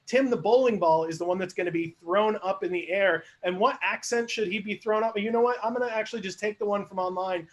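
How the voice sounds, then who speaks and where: Upbeat male host narrating improv scenes, higher voice, casual and playful. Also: fast talker, few pauses. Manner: chatty, laughing, asks the audience for suggestions. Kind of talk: live online improv narration.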